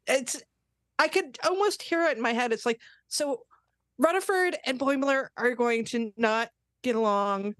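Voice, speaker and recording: Woman, podcast co-host, casual chat, amused, musing, slightly high pitch. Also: no room sound, studio quality.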